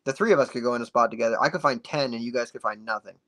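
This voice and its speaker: A man guest on a podcast, telling a story in a casual, animated way and acting out the dialogue. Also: medium pitch, racing. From United States. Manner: animated, acts out dialogue with many "like"s.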